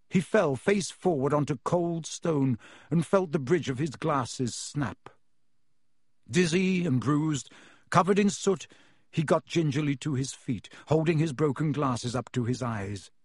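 A man reading a storybook aloud as narrator, measured and expressive, on a close studio mic. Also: fairly high pitch, husky, no echo. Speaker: audiobook narrator.

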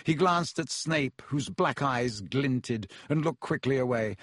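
A man narrating an audiobook in a measured storytelling manner. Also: medium pitch, animated, fairly bright tone, dry recording, clean studio sound. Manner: measured storytelling with voiced characters.

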